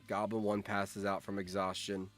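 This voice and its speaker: A young man streaming, reacting to a game, excitable and swearing, with sudden shouts. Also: lowish voice, normal speed, soft background music.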